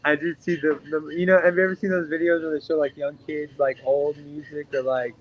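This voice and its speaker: A man's voice: on the high side, level tone, fairly quick, dull audio. A middle-aged man co-hosting a casual podcast, rambling and profane, with lots of "like" fillers. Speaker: podcast co-host.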